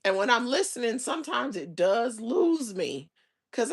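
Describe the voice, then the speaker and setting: A woman hosting a casual livestream, chatting and rambling with her viewers in loose slang, now and then breaking into loud exasperated outbursts. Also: on the high side, sing-song, unhurried, slightly rough. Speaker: livestream host.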